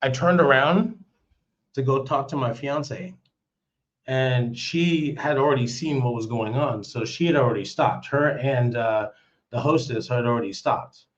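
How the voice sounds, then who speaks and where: A man's voice: mid-range voice, a little slow, lo-fi sound. A man telling a story on a live stream in casual, rambling talk, cursing and restarting his sentences often. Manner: rambling, profane, with many restarts.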